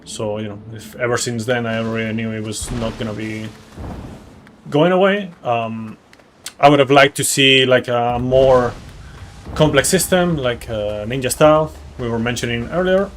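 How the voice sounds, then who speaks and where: A man's voice: medium pitch, normal speed, a bit bright, slight background noise. Rambling male game streamer. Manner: rambling, many fillers, swears casually. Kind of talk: casual live-stream chat while playing. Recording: game music behind voice.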